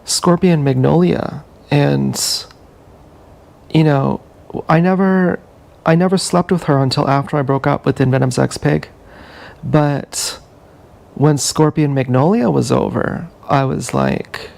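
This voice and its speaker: A man's voice: on the high side, creaky, darkish tone. A man vlogging live in a rambling, confessional monologue full of restarts, recorded on an action camera. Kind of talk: casual monologue.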